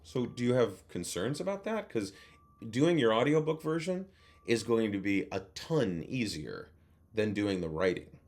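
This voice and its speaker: Low-voiced man telling stories on a video call. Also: measured pace. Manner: animated anecdote teller who acts out other voices. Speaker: guest actor and voice-over coach. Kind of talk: casual interview storytelling.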